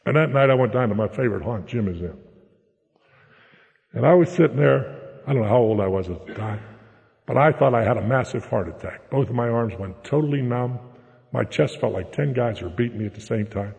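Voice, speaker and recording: A man spins a humorous story of his own life, folksy and plain-spoken, often checking in with the crowd with a quick "okay?". His pitch swings widely as he talks. His voice carries the long echo of a large hall. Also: expressive, vocal fry, darkish tone. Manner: folksy, keeps tagging lines with "okay?". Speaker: speaker sharing a recovery story. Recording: echoey hall.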